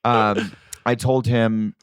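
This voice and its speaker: A man co-hosting a podcast, telling stories in casual chat, animated and swearing as he acts out his parents. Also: lowish voice, takes it slowly, smooth, dry recording, clean studio sound. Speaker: podcast co-host.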